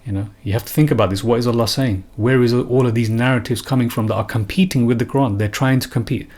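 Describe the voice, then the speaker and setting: A man's voice: mid-range voice, fairly even intonation, fast talker, darkish tone. A man giving an unscripted religious talk, earnest and emphatic, often repeating and restarting phrases. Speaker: religious commentator.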